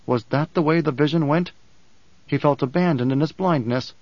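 A man narrating an audiobook in a measured, solemn reading. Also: a little high, a little mellow, dry recording, lo-fi sound. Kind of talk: scripted narration.

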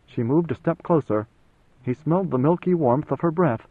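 A man narrating an audiobook in an even, steady storytelling manner. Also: mid-range voice, moderate pace, no echo. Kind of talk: scripted narration. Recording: dry, phone-like narrow sound.

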